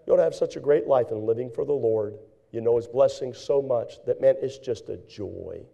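A man preaching a folksy, animated sermon as pastor, now and then acting out frantic voices. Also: mid-range voice, normal speed, gravelly.

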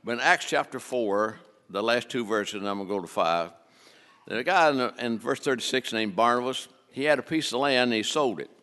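A man's voice: mid-range voice, fairly quick, sharp tone, big-room sound. An older man preaching a folksy, joking sermon on giving in a church, full of restarts. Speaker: guest preacher. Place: church sanctuary.

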